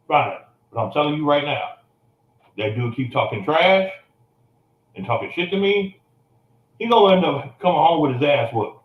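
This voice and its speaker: A man recounts a painful personal conflict in blunt, profane, agitated speech, coughing now and then. His voice sits a bit high for a man, and the room around him rings with echo. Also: normal speed, pauses often, phone-quality sound. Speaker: vlogger telling a personal story. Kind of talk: emotional personal storytelling.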